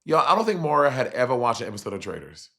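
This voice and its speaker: A man chatting casually on a livestream as he reacts to a reality show, animated and profane, with sudden jumps in pitch. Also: racing. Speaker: streamer reviewing a reality show.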